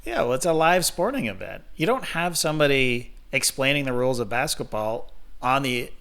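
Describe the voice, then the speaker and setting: A man's voice: mid-range voice, expressive, normal speed, a bit bright. A man co-hosting a podcast in a casual chat, matter-of-fact and agreeable. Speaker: podcast co-host.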